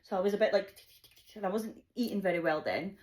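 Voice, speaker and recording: A young woman telling a chaotic personal story, animated and swearing freely, laughing often. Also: medium pitch, quick pace. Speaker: vlogger. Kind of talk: casual storytime.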